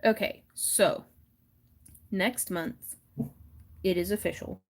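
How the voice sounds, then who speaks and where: Speaking slowly at a medium pitch, this woman wire wraps during her crafting livestream. She chats casually, giggles a lot, and does little character voices when telling stories.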